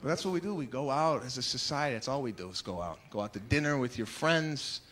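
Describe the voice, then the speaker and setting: A man doing a stand-up comedy routine, exasperated and acting out characters, building to shouts. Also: medium pitch, lively intonation, fast. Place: comedy stage before a live audience. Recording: live show with crowd laughter and noise.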